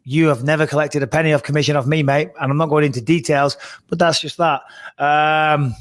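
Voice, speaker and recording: A man's voice: a little high, fairly quick. A man co-hosting a casual talk show, telling a story in a blunt way and swearing freely. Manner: blunt, swears, animated retelling. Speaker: podcast co-host. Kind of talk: casual chat.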